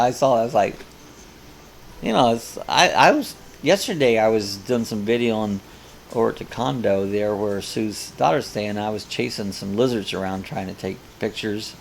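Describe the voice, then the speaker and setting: Gravelly older man hosting a chat. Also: lowish voice, a little hiss or hum. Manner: chatty, rambling, reads comments aloud. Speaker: host of a live coffee chat. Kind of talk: casual live-stream chat reading viewer comments.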